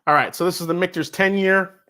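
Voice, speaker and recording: Casting: New York man, 30s, livestream host, slightly higher voice, loose and chatty, swears freely. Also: fairly even intonation, a little fast, sharp tone. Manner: chatty, reads viewer messages aloud, swears casually. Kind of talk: casual livestream chat.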